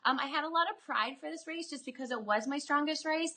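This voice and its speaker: Bright, upbeat woman in her 30s, lively storyteller guest on a video call. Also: high-pitched, quick pace. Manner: animated, chatty, lots of fillers. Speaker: guest, former Olympic swimmer. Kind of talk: casual interview storytelling.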